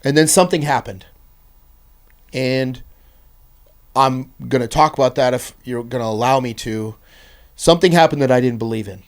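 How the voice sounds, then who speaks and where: A man in the middle of his own story on a podcast, earnest and intense. His voice sits at an ordinary middle pitch. It swells into loud bursts and then drops to near hushes as he tells his testimony. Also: moderate pace, long pauses. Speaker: podcast guest.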